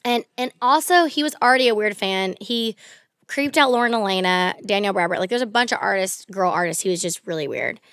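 A young woman and country singer telling stories in casual podcast chat, animated, swearing freely, and acting out what people said. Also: mid-range voice, a little fast, no echo, clean studio sound. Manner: animated, swearing, acts out quotes in bursts. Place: podcast studio.

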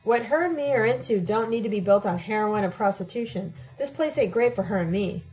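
A woman's voice: medium pitch, animated, fairly quick, darkish tone, faint music behind, natural voice, rough recording. A woman voicing a blunt, confrontational working-class man in an audiobook reading. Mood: challenging. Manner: blunt, challenging, ungrammatical street talk.

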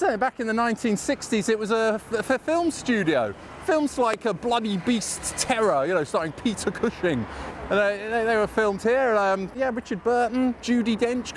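A man's voice: sits high, slight background noise. Chatty English man on a street walk. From England. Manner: rambling, chatty, self-mocking. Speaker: walking tour guide. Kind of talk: casual walking tour chat. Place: outdoors on a city street.

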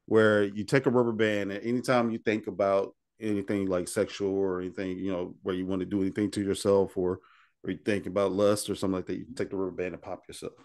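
Fast-talking low-voiced man telling stories. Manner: relaxed, rambling storyteller. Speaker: interview guest. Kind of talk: casual interview chat. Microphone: video call.

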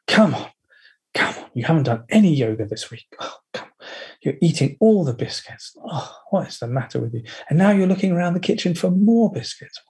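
A man teaching an online workshop in a playful, animated way, slipping into the voices of people's inner critics. His voice is dark and mellow, with a husky edge. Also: mid-range voice.

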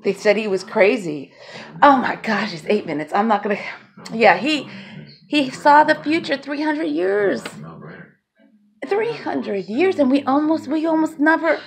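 A woman vlogger talking to camera in a loose, rambling way, laughing often and swearing freely. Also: high-pitched. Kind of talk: casual rambling monologue to camera.

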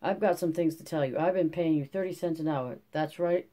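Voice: mid-range voice, a little fast, warm tone, lightly acted. A reader doing a curt, irritable farm owner. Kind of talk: audiobook reading.

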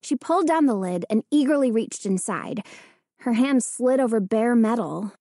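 A woman narrating a children's horror storybook in a measured, suspenseful reading. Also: fairly high pitch, expressive, warm tone, dry recording, studio quality. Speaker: audiobook narrator.

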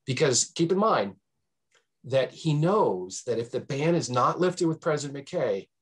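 Male podcast guest, history professor; husky timbre, animated storytelling delivery, filler-heavy. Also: unhurried. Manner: animated, swings pitch for emphasis; frequent fillers and restarts. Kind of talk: conversational storytelling.

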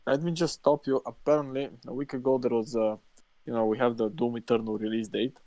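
A man co-hosting a casual podcast who cuts in with blunt opinions. His voice is dark and mellow, and the sound is dry and close. He swears freely. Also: medium pitch, flat delivery, fairly quick, no room sound. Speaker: podcast co-host. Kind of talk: casual chat.

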